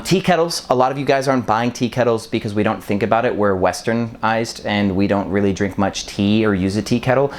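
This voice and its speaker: Over a little hiss or hum, a lowish-voiced Wisconsin man in his thirties vlogs casually from an apartment full of boxes. The short-term rental host rambles in a loose, chatty manner with lots of ums, his accent largely neutral American but faintly Wisconsin.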